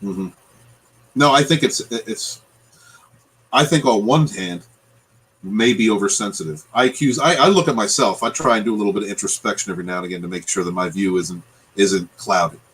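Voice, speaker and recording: A man's voice: fairly low pitch, normal speed, a bit bright, breathy edge, rough recording. A man in a casual podcast chat, ranting and swearing as he talks. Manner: ranting, profane. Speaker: guest, channel creator.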